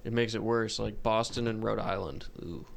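A man's voice: lowish voice, normal speed, gravelly. A man chatting casually as a podcast co-host, telling stories in a profane, sardonic way. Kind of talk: casual chat.

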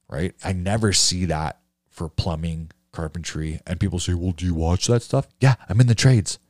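A man's voice: low-pitched, dark tone, dry recording, clean studio sound. A man coaching painting contractors in a blunt, profane rant full of rhetorical questions. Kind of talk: casual rant to a class.

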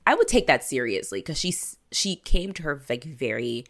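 A woman with a notably low, deep voice chats casually on a podcast. She is a young adult and talks in an animated way, slipping into quick impressions of characters as she recaps. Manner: animated, acts out quotes from the show. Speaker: podcast co-host.

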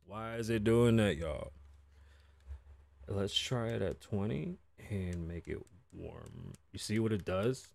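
A man's voice: lowish voice, takes it slowly, creaky, a little mellow, dry recording. A man in his thirties, raised Puerto Rican, hosting a casual podcast in a loose, profane, chatty way with Spanish asides. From Puerto Rico. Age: 30s. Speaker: podcast host. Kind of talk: casual chat.

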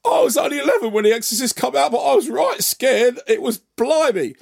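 A man mimicking his own younger self as a brash, streetwise TV presenter with a booming, dramatic delivery. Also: big pitch swings, a little fast, vocal fry, breathy edge, heavily acted. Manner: boomy dramatic delivery with slang.

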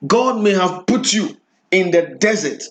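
A man's voice: high-pitched, expressive, measured pace. A man preaching a sermon, building repeated refrains with rhythmic emphasis.

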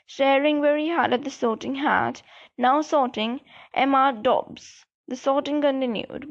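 A woman narrating a children's novel as an audiobook reader, reading slowly and evenly. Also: high-pitched, gravelly. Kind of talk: storybook narration. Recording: dull lo-fi recording.

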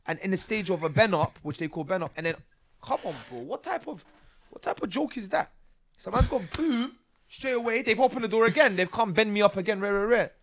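A young man, telling his own stories as a podcast guest in a lively, slang-filled way and acting out scenes as he goes. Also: sits high, a little fast, dry recording. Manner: animated, slang-heavy, acts out scenes. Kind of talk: casual storytelling interview.

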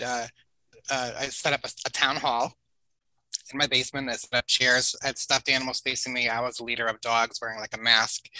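A man in his forties talks as a podcast guest, rambling through his stories with plenty of fillers and soft laughs. His voice is strikingly bright, and it sounds dry and close with no room around it. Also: mid-range voice, no room sound, low-quality recording. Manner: rambling and chatty, with filler words and chuckles. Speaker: podcast guest, family video creator. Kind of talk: casual storytelling interview.

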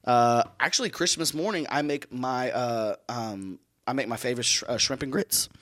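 A man's voice: medium pitch, normal speed, a bit bright, no room sound, clean studio sound. A man from Cajun Louisiana with a Cajun accent, co-hosting a podcast in brash, profane, teasing banter, a little tipsy. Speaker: podcast co-host.

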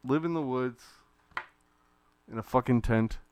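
A man's voice: medium pitch, a little slow, darkish tone, a little hiss or hum. A man co-hosting a podcast, teasing the others with laid-back profanity in casual banter. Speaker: podcast co-host.

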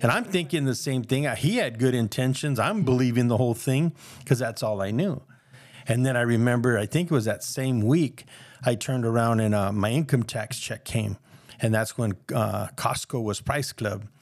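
A man shares his personal testimony casually and earnestly, rambling a bit and acting out the voices of the people he quotes. His mid-range voice has a darkish tone and a moderate pace, recorded dry with clean studio sound.

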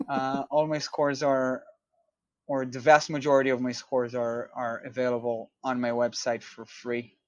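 A man's voice: medium pitch, completely flat delivery, unhurried, highs cut off. A man from Israel, a composer guest in a casual interview, explaining his work thoughtfully with many fillers and restarts.

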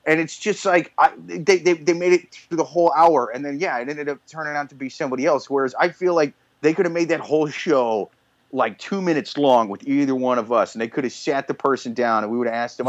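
A man co-hosting a comedy podcast, ranting in a loose, profane, rambling way. His voice sits a bit high for a man. The recording is close and dry but dull and muffled. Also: a little fast, no room sound. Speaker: podcast co-host. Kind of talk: casual comedy podcast chat.

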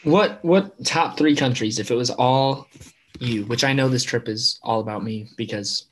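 A man's voice: medium pitch, moderate pace, slight background noise. A man co-hosting a podcast, chatting casually with a friend, teasing and often trailing off mid-thought. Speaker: podcast co-host. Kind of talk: casual chat.

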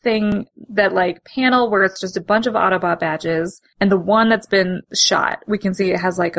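A chatty woman co-hosting a podcast, middle-pitched and easygoing. She laughs often and keeps circling back and restarting her sentences as she explains things. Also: gravelly. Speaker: podcast co-host. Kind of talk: casual chat about comics.

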